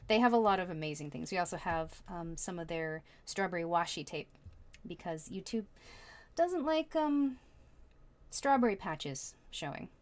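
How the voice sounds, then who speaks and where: Woman, tarot reader, casual reading, rambling chatty delivery, lower voice. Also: expressive, moderate pace.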